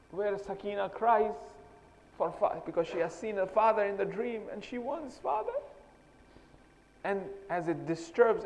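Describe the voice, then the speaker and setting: A man's voice: high voice, creaky, darkish tone. A man preaching a mourning sermon, telling a sorrowful story with rising, impassioned delivery. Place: mosque hall. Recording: long hall reverb.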